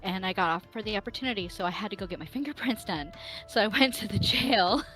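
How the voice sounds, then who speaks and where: A woman chatting casually on a live stream, telling an animated story and laughing often. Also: medium pitch, quick pace, music in the background. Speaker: player. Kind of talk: casual chat.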